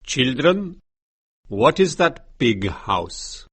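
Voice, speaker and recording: A man voicing a slow old Tibetan lama. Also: mid-range voice, sing-song, breathy edge, no echo, heavily acted. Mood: solemn. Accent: British. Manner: slow, measured and solemn. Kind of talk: audiobook character reading.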